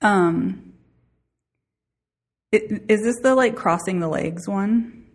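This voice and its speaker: Giggly podcast cohost woman, bit husky, pokes fun at herself. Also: mid-range voice, takes it slowly. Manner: giggly, self-deprecating. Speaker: podcast co-host. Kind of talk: casual podcast chat.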